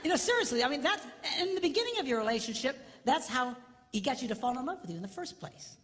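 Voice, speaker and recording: A man's voice: very high voice, fast. A middle-aged man giving a comedic marriage talk, telling stories with mock voices and punchlines. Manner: animated storyteller who mimics voices, jokes and punchlines. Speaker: marriage seminar speaker. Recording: long hall reverb, faint noise.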